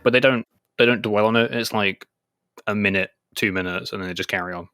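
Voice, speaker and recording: A man co-hosting an anime podcast, chatting casually and loosely with plenty of fillers. His voice sits a little low but sounds bright and forward. The recording is dry and close. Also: fairly quick, smooth, no echo. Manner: chatty, many "like" fillers, retells scenes in quoted voices. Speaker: podcast co-host. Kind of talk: casual chat.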